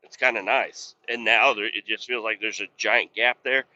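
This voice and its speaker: A man's voice: fairly low pitch, fairly even intonation, normal speed, pushed and bright, highs cut off. Profane, rambling man telling a story. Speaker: podcast host. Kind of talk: casual storytelling.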